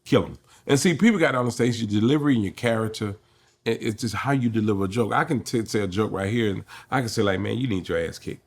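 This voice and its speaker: In an interview, a middle-aged comedian talks fast in a mid-range voice. He's a lively storyteller who slips into the voices of the characters in his tales.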